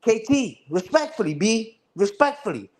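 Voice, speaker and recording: A man's voice: high voice, big pitch swings, moderate pace. A man ranting casually on a livestream, taunting and repeating himself. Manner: taunting, repetitive, says "respectfully" and "you heard".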